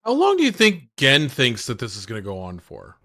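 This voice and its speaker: A man's voice: mid-range voice, wildly swooping pitch, fairly quick, a bit bright. A young man co-hosting a podcast, chatting casually and jokily about an anime, swearing and acting out the characters' thoughts. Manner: jokey, profane, acts out characters' thoughts. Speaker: podcast co-host. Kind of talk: casual anime recap chat.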